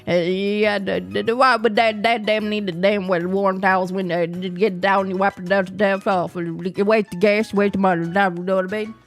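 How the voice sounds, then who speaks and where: A woman putting on a brash, mocking American caricature who rambles loudly and scoffs at luxuries. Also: mid-range voice, moderate pace, gravelly, faint music behind.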